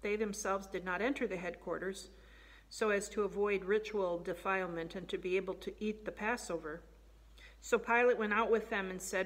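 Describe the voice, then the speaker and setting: A woman's voice: mid-range voice, steady tone, normal speed. Woman reading scripture in a reverberant hall. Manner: raises voice for quoted lines. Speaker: scripture reader. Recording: long reverb of a large hall.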